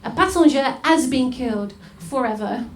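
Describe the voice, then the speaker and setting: A woman comedian playing a pompous middle-aged male detective with a deliberately bad fake French accent, making slow, grand pronouncements. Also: sits high, lively intonation. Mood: grandiose. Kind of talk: stand-up comedy impression. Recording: echoey room with loud noise.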